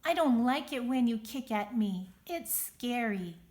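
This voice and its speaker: A woman's voice: lowish voice, lively intonation, measured pace, mellow. A woman voicing a small, timid female earthworm who speaks firmly but small.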